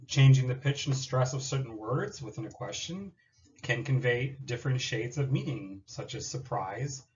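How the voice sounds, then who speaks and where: A man's voice: medium pitch, a little mellow, lo-fi sound, a little hiss or hum. A man giving a recorded class presentation on a teaching activity, explaining in a partly read style with occasional fillers.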